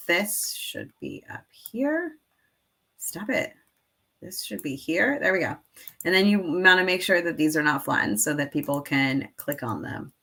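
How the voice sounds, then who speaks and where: Rambling woman with a lowish voice. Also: a bit bright. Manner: rambling, filler-heavy, laughs at herself. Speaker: teacher and online seller. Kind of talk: casual screen-share tutorial.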